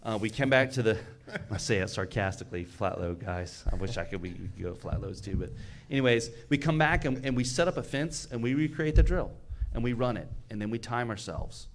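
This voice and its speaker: A man's voice: mid-range voice, animated, a little fast, few pauses. A man, a fire battalion chief, telling a rescue story in casual podcast chat, earnest and emphatic, often stumbling and repeating words. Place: recorded live on location at a fire expo.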